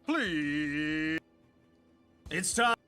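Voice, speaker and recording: Sweary, sarcastic Australian male reviewer, high and bright, comedic voice-over. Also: lively intonation, extremely slow, smooth, faint music behind. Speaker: video reviewer.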